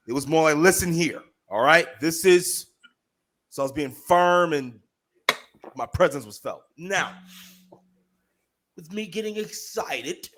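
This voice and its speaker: A man co-hosting a podcast, telling a story in casual chat, profane and heated, animated as he goes. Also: a little high. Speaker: podcast co-host.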